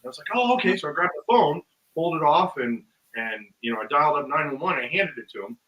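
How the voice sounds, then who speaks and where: A male guest musician talks fast with lively intonation and a fairly high pitch, recorded from a distance on lo-fi sound. Chatting casually, he rambles through a long story with plenty of ums and uhs, impersonating its characters and laughing at the quotes.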